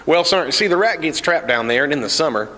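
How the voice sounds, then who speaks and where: A big Southern hillbilly soldier drawls out his folksy explanations, as a man puts him on. The voice sits well above the performer's own and is bright. It rings in a reverberant room. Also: on the high side, animated, fast, pitched above the performer's own voice. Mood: folksy explaining.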